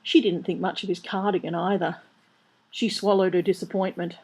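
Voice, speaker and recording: A woman's voice: lowish voice, fairly even intonation, moderate pace, darkish tone, husky, poor audio. A woman reading a comic novel aloud in a dry, wry manner. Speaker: audiobook reader. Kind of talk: storybook narration.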